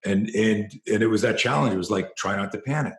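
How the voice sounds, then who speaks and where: A middle-aged man, a self-defense trainer, telling a story in an interview and growing animated as it builds. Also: fast talker, reverberant. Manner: animated storyteller, rising in pitch and force when excited.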